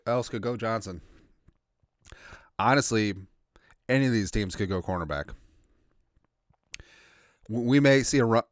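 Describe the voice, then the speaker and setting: A man hosting a casual sports livestream, rambling as he reads out viewer shout-outs, a little congested. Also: medium pitch, no room sound, clean studio sound. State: congested, coughing. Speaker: podcast host.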